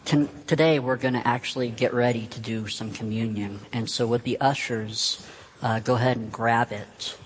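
A man's voice: mid-range voice, fairly even intonation, normal speed, in a large hall, a little hiss or hum, low-quality recording. A man preaching a sermon as pastor, earnest and emphatic, repeating key phrases.

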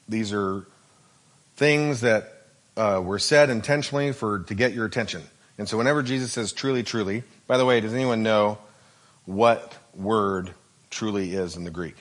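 A man's voice: medium pitch, a bit bright. A man preaching a sermon, explaining scripture in a conversational way and often checking in with the listeners. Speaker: pastor.

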